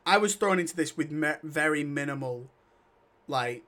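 Man, podcast co-host, a bit high-pitched, blunt, joking, profane casual chat. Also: animated, moderate pace, pushed and bright.

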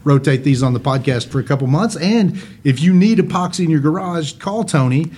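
A man's voice: fairly high pitch, a little fast, breathy edge. A man co-hosting a podcast, telling a story in casual chat and laughing his way through it. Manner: animated, laughing anecdote teller. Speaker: podcast co-host.

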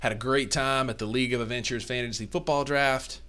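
Bright-voiced Southern podcast co-host. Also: male voice, mid-range voice, fairly even intonation, a little fast, clean tone. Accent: Southern US, north Mississippi. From Mississippi. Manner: playful trash talk, long enthusiastic lists. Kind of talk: casual sports podcast chat.

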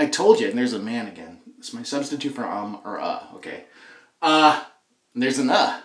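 A man's voice: mid-range voice, a bit bright. Chatty man rambling in an echoey room. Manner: chatty, self-deprecating, many fillers. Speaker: podcast host. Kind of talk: rambling casual monologue.

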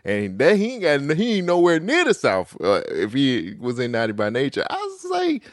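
A man guesting on a podcast, chatting animatedly about a movie and repeating words when excited. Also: medium pitch, moderate pace, dry recording, clean studio sound. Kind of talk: casual movie chat.

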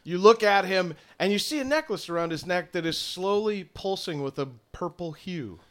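A man running a tabletop game as game master, narrating scenes in an unhurried way with fillers. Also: sits high, lively intonation, fairly bright tone.

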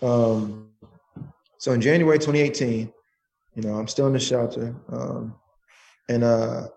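Animated, profane man telling a story. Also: medium pitch, unhurried, creaky. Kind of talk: casual storytelling.

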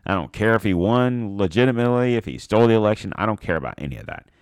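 A man's voice: lowish voice, expressive, fast, clear, resonant tone, dry recording, clean studio sound. A man ranting bluntly and profanely in a casual opinion monologue.

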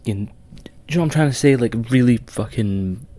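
A Scottish man with a dark, mid-range voice co-hosts a wrestling podcast, talking briskly. He rambles, swears and laughs a lot as he chats casually with a friend.

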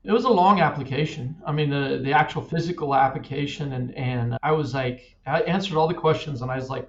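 A man's voice: a little high, brisk, hardly any pauses. A middle-aged man from Kansas, a cyclist guest, telling his story earnestly, often repeating words. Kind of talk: casual interview. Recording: echoey distant dull-sounding mic.

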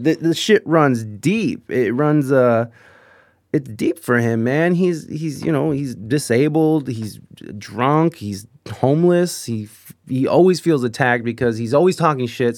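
A man telling a rambling, profane anecdote in a casual, animated way, with frequent restarts. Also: medium pitch, no room sound, clean studio sound. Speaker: storyteller.

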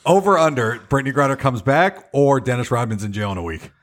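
A man trading quick jokes as a podcast co-host. His voice is animated and rises and falls freely. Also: mid-range voice. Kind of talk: casual banter.

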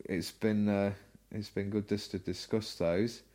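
A man's voice: fairly low pitch, fairly even intonation, unhurried, warm tone. A man co-hosting a casual games podcast, easygoing and agreeable. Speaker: podcast co-host.

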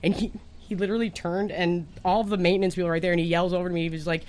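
A woman from the Detroit area, a podcast guest telling stories in casual chat, animated and quick to swear. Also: fairly low pitch. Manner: fast, animated storyteller, swears freely.

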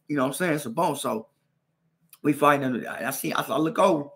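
Podcast host, young man, gravelly and higher-pitched, rapid casual storytelling full of sound effects. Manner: animated, acts out punches with sound effects; slang-heavy, repeats "you know what I'm saying".

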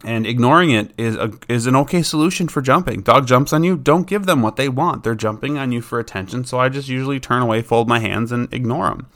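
A man's voice: mid-range voice, fast, few pauses, a bit bright. A man talking casually as a dog trainer, explaining dog behavior in an informal, plain-spoken way. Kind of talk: casual instructional talk.

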